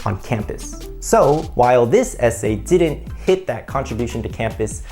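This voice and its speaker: Brief: upbeat male essay coach, chatty explainer, soft music underneath. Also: mid-range voice, expressive, unhurried. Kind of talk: instructional video.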